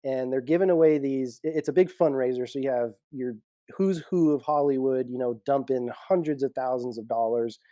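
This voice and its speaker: A man on a podcast, a security professional telling lively stories with frequent laughs. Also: mid-range voice, a little fast, dry recording, clean studio sound. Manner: animated storyteller, laughs often. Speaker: executive protection guest. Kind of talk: casual storytelling interview.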